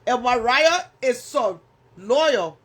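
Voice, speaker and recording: Speaking slowly and expressively, this woman has a husky, fairly bright voice that sits a little high. She hosts an easygoing livestream in a Liberian English accent, replying to comments and teasing the people who leave them.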